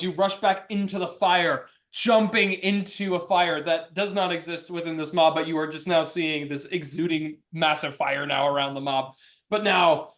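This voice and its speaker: A man running a tabletop game as game master, excitable and rambling, often laughing. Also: a little high.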